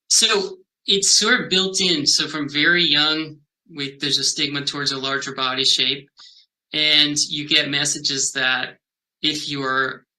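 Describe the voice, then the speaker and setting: A male researcher answers interview questions in a very bright, forward voice. He speaks thoughtfully and haltingly, restarting phrases and filling gaps with "um". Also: medium pitch, poor audio. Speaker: health behavior researcher.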